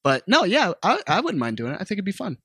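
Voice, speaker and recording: A man's voice: high voice, huge pitch swings, quick pace, a bit bright, breathy edge, no echo, studio quality. A man co-hosting a podcast in casual chat, laid-back, laughing often and swearing freely. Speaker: podcast co-host.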